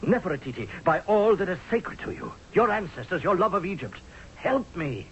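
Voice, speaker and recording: An actor playing an exasperated, sardonic army general in a radio drama, speaking forcefully. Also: male voice, high voice, sing-song, normal speed, slight background noise. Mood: pleading. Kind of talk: 1970s radio drama acting. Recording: dull lo-fi old radio broadcast.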